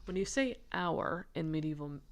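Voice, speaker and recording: A woman's voice: low voice, animated, normal speed, gravelly. A woman giving a casual, chatty lesson on a manuscript, giggly and rambling, who stops to answer viewer comments. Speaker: manuscript researcher presenting her findings.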